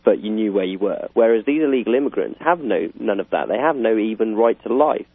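A man's voice: lowish voice, animated, a little fast, vocal fry, husky, no room sound. A British man in casual political chat, rambling with fillers and chuckling. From Britain. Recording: tinny phone-like line.

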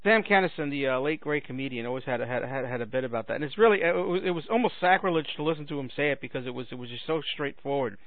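A man's voice: mid-range voice, lively intonation, racing, hardly any pauses, no echo, narrow, tinny audio. A man hosting a talk show, delivering a sarcastic comedic monologue with a ranting manner. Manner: sarcastic ranting with mocking put-on voices. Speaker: radio talk host.

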